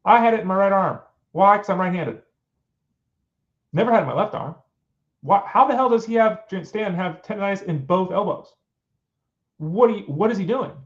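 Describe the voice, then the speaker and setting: Middle-aged male sports show host, fairly high voice, exasperated and rhetorical, muffled lo-fi recording. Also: expressive, moderate pace, pauses often. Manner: exasperated, fires off rhetorical questions. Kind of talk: casual opinionated commentary. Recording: dull lo-fi sound.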